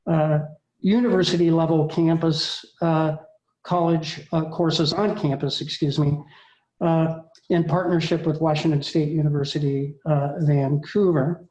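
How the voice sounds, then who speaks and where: A man speaking as a school district administrator in a formal meeting, measured and halting, with many fillers. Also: a little high, level tone, darkish tone. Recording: echoey room.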